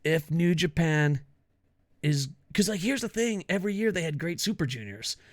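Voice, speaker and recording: A man hosting his own wrestling commentary show, ranting casually with lots of swearing, laughter and excitable asides. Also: on the high side, moderate pace. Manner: profane, excitable, laughs a lot. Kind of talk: casual opinion rant.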